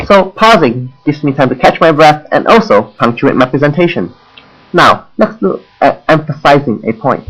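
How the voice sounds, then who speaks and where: A young man with a Hong Kong English accent gives a scripted class presentation, measured and demonstrative with deliberate pauses. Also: fairly high pitch, lively intonation, a bit bright, faint music behind, rough recording. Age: young adult. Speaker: university student presenter.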